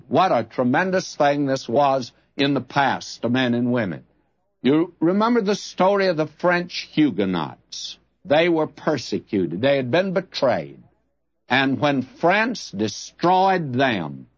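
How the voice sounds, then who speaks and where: Man teaching scripture, slow deliberate delivery, voice swinging up and down a lot. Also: a little high, no echo, highs cut off. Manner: slow, emphatic, lively preaching cadence with repetitions. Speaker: Bible teacher. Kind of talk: radio Bible teaching.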